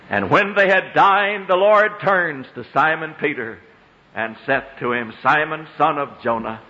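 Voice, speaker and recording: High-voiced preacher man in a dull echoing hall. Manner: dramatic swings between low murmurs and high ringing exclamations; old-fashioned scriptural diction, drawing out key phrases. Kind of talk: sermon. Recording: long hall reverb, dull lo-fi sound.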